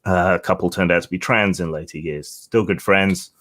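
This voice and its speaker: A man's voice: low voice, fairly even intonation, normal speed, fairly bright tone. A man co-hosting a casual discussion over a video call, earnest and chuckling between his points. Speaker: co-host.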